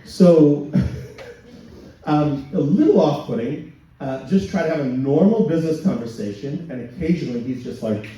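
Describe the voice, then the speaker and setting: Man, stand-up comic, crude deadpan stories, dark voice, distant, dull lo-fi sound, faint room noise. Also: a little high, normal speed. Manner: crude deadpan storytelling, voices for quoted people. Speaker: stand-up comedian. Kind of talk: stand-up set. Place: comedy night in a function hall. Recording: echoey hall, distant, dull and lo-fi. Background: audience laughter.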